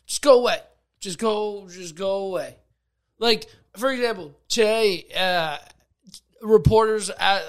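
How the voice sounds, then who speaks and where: A man's voice: high-pitched, a bit bright. A young man co-hosting a podcast in casual chat, joking and rambling, often trailing off. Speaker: podcast co-host.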